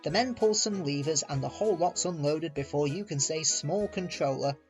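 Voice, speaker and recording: A man's voice: on the high side, moderate pace, a little mellow, faint music behind, close to an everyday voice. A man voicing a cheeky, teasing small male narrow-gauge engine in a storybook reading. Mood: cheerful. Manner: cheerful and teasing.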